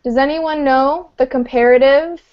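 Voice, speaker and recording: A woman's voice: sits high, steady tone, normal speed. A woman teaching an online English lesson, explaining grammar patiently and checking in with her students. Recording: muffled video-call audio.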